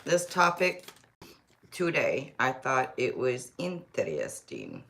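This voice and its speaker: A woman's voice: very deep voice, huge pitch swings, slow pace, creaky, fairly bright tone, slight background noise. A woman hosting a tarot live stream, chatting casually and rambling, often talking to herself. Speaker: tarot reader livestream host. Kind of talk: casual livestream chat.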